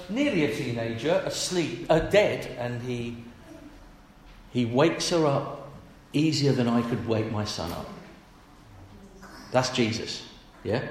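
A man preaching a sermon in a chatty, animated way, often laughing as he talks. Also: on the high side. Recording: echoey hall.

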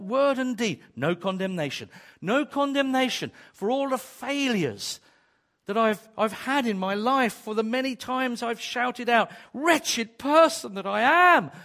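Male preacher, higher-pitched, very animated delivery, emphatic with jokey asides. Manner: emphatic, repetitive, builds to exclamations; joking asides. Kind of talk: sermon.

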